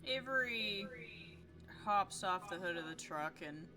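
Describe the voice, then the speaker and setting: A woman's voice: medium pitch, animated, measured pace, music in the background. A woman playing a tabletop role-playing game, describing her character's actions in the third person. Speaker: player. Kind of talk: casual tabletop play.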